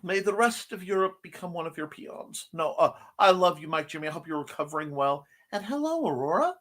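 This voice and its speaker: A man's voice: fairly high pitch, fairly even intonation, fairly quick, a bit bright. A man hosting a casual live-stream show, reading viewer comments aloud in a playful way. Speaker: host of a creative morning show.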